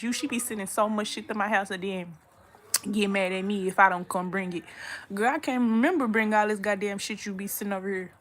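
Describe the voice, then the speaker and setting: In a mid-range, fairly bright voice, a young woman from Texas vlogs from her room. Her casual talk to the camera is rambling, blunt, and full of profanity.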